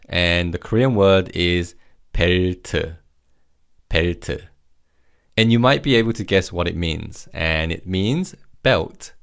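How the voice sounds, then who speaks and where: A man teaching vocabulary in a recorded language lesson, encouraging and repeating each word slowly for learners to follow. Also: deep voice, vocal fry, fairly bright tone.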